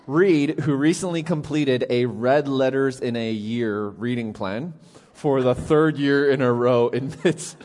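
Male pastor, conversational sermon delivery, mid-pitched voice, long hall reverb. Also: measured pace, darkish tone. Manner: conversational, reads a joke aloud and laughs, asks the congregation questions. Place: church auditorium.

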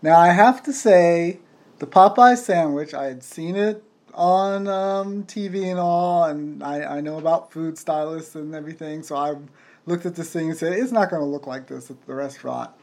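A man co-hosting a casual podcast in a playful way, at times slipping into a booming ring-announcer bit. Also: moderate pace, darkish tone. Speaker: podcast co-host.

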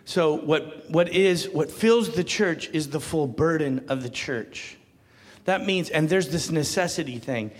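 A man preaching a sermon as pastor, swinging from quiet talk to loud, emphatic calls and laughing often. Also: on the high side, measured pace, in a large hall.

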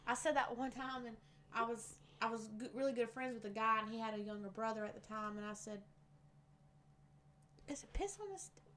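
A woman's voice: fairly high pitch, little pitch movement, quick pace, fairly bright tone, slight background noise. Giggly Southern woman podcast co-host. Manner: giggly, rambling with fillers. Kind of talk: casual chat.

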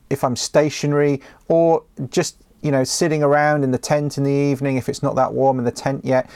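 Hosting a viewer questions show from his home office, a man chats casually on his own, frequently saying um and correcting himself. His voice is medium in pitch and darkish in tone, recorded with no room sound.

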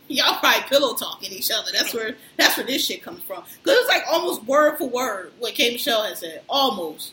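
A woman's voice: on the high side, sing-song, a little fast, few pauses, sharp tone, a little hiss or hum. A woman in casual chat, telling a story animatedly, acting out what people said and laughing often. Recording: roomy echo.

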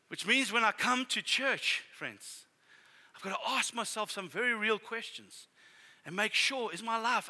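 A middle-aged pastor with a voice that sits high preaches a sermon, telling family stories in an animated, conversational way.

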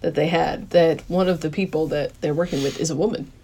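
Low-voiced woman chatting about a movie. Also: steady tone, brisk, dark tone, breathy edge. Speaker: podcast co-host. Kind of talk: casual movie chat.

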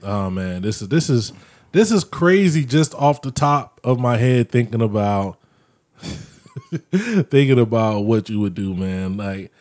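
A man's voice: mid-range voice, slow pace. Laid-back man hosting a casual chat. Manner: relaxed, explains rules at a loose pace. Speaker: podcast host.

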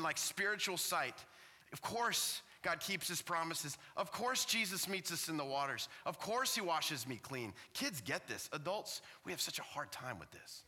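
A man's voice: mid-range voice, pushed and bright, in a large hall. A man preaching a sermon as pastor in a church, impassioned, asking the same questions again and again.

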